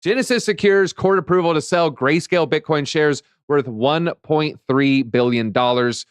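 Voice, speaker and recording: A man's voice: fairly high pitch, normal speed, clear, resonant tone, dry recording, studio quality. A man co-hosting a casual crypto news show, reading headlines aloud and joking between them. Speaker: co-host.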